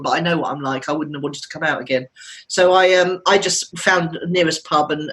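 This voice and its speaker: A woman's voice: sits low, fairly bright tone, rough recording. Chatty fifty-something woman telling stories. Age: 50s. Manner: chatty storytelling, laughs often. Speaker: podcast co-host. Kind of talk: casual chat.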